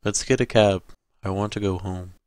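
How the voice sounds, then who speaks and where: A man's voice: low-pitched, steady tone, moderate pace, a little mellow, smooth, no room sound, lightly acted. A man voicing a frightened wife who talks in an urgent, pleading way, read in an audiobook.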